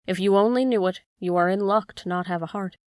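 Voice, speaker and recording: A woman reads a small humbug wizard, an elderly man who speaks gently and a little sheepishly. The voice sits mid-pitch and close, in a dry room with no echo. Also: fairly quick, clear, resonant tone, lightly acted. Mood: mild.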